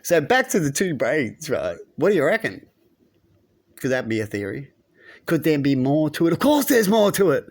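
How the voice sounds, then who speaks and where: A man's voice: fairly high pitch, big pitch swings, normal speed. A man vlogging in a casual, rambling monologue, musing aloud and asking rhetorical questions.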